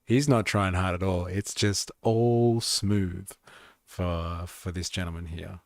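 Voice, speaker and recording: Joking man, deep and dry. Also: steady tone, slow, no room sound. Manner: joking, irreverent, swears casually. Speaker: livestream host reacting to a documentary. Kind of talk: casual reaction commentary.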